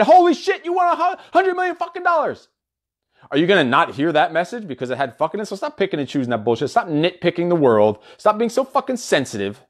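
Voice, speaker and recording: Brief: young male coach, slightly high voice, blunt and profane, spikes into loud emphatic bursts. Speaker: business and fitness coach. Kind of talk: profane motivational monologue.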